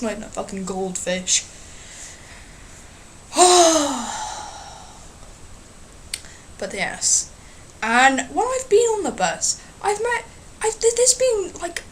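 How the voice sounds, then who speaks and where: A woman's voice: high voice, slight background noise. A woman ranting in a casual vlog, telling rambling, sarcastic, sweary stories. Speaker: vlogger.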